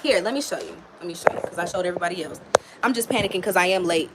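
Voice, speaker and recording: A woman's voice: on the low side, animated, racing, very noisy. Frank, salty-tongued woman tarot reader. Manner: frank, profane and chatty, talking straight to a viewer. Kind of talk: casual live tarot reading.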